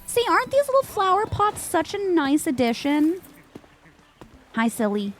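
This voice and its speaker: A woman's voice: extremely high pitch, big pitch swings, a little slow, over music. A young woman streaming a game live, chatting away to the game's characters and greeting her viewers. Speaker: Twitch streamer. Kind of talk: live gameplay chat.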